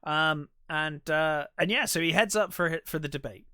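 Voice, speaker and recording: A man with a bright, fairly high voice chats through a movie's plot as a podcast co-host. He rambles, stumbling over restarts and scattering fillers as he goes. The recording is dry and close, with no room sound. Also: normal speed, smooth, dry recording. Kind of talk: casual film recap chat.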